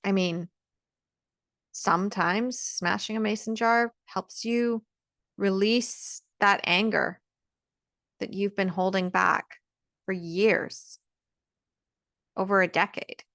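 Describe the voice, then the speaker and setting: Woman, heartfelt encouraging talk, emphatic and earnest, mid-pitched voice, dry close sound. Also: fairly even intonation, takes it slowly, vocal fry, long pauses, a bit bright, no echo. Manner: earnest, emphatic, repeats words when stressing a point. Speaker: vlogger giving encouragement. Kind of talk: heartfelt motivational talk to camera.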